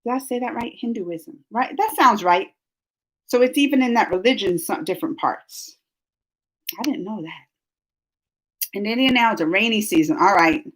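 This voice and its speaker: A woman's voice: medium pitch, expressive, moderate pace, long pauses, fairly bright tone. A woman hosting a casual live stream on a computer microphone, rambling and chatty as she reads comments, laughing often and restarting her sentences. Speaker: live stream host reading chat comments.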